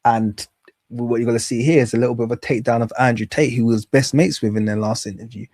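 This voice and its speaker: A man's voice: mid-range voice, fairly even intonation, fast talker, a little mellow, dry recording. Man, commentary host, sarcastic, rambling, dry close sound. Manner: sarcastic, rambling, laughs at his own jokes. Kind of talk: casual commentary on clips.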